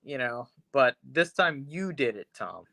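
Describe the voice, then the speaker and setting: A man's voice: medium pitch, animated, unhurried, vocal fry, bright, forceful tone, no echo. A man co-hosting a podcast, retelling a story in a rambling, profane way and acting out the characters' lines. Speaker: podcast co-host. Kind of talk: casual chat, retelling a film episode.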